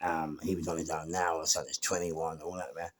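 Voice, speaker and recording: With a bass voice and a quick pace, a middle-aged man from England speaks in a London accent. He's a storyteller sharing a casual tale on camera, animatedly performing the voices of all the people involved.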